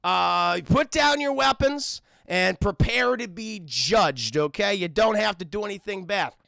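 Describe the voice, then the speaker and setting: A man putting on the voice of a gruff, terse male future super-cop, delivering slow, flat, mumbled one-liners. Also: high-pitched, no room sound, full character voice. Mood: deadpan.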